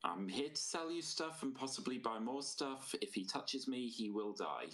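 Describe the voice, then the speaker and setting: A player at a tabletop game who talks in a teasing, playful way. The voice moves up and down a lot, at a medium pitch. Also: animated, moderate pace, a bit bright, low-quality recording. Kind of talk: casual tabletop game play.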